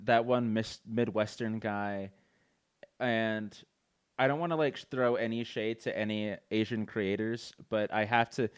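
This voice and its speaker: A man's voice: on the low side, smooth, dry recording, studio quality. Rambling young man on a casual podcast. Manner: rambling, stammering restarts. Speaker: podcast host. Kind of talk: casual chat.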